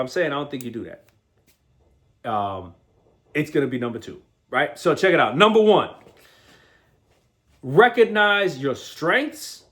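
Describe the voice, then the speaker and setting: Higher-pitched man, energetic motivational host. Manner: energetic, slangy, keeps asking "right?"; restarts and repeats words often. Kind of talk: motivational talk.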